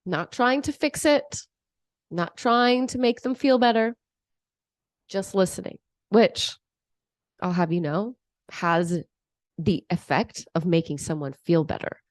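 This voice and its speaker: A woman's voice: fairly low pitch, slow pace, pauses often, no room sound, clean studio sound. A young adult woman coaching on emotions, giving advice straight to the viewer and acting out examples. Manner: acts out parent voices in examples, animated. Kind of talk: advice talk to camera.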